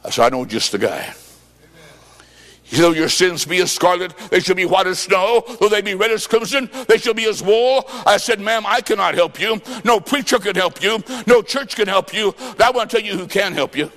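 High-voiced revival preacher in a big hall. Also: male voice, lively intonation, normal speed. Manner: dramatic, swings between quiet and shouted lines. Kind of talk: revival sermon with storytelling. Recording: long hall reverb.

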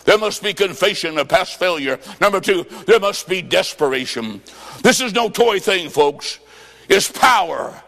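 A man preaching at a revival, telling a story and acting out voices, with bursts of shouting. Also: high-pitched, lively intonation, measured pace, big-room sound. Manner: dramatic, acts out quotes, shouts praise. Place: church revival service.

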